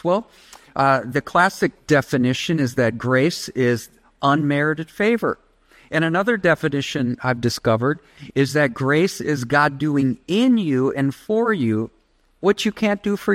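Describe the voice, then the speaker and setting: A man's voice: on the high side, expressive, unhurried, dry recording. A man preaching a sermon as pastor, emphatic, leading the congregation in call-and-response.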